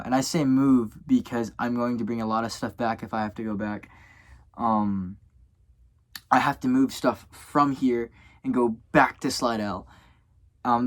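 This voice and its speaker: Rambling young college vlogger. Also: male voice, medium pitch. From Louisiana. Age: young adult. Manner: rambling, self-correcting, many fillers. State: tired and yawning. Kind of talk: casual vlog talk to camera.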